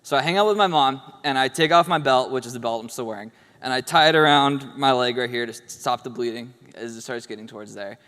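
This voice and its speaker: Wry young man telling a story, smooth voice. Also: mid-range voice, fast, hardly any pauses, a bit bright. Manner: casual, wry, matter-of-fact about drama. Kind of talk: live personal storytelling. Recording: long hall reverb.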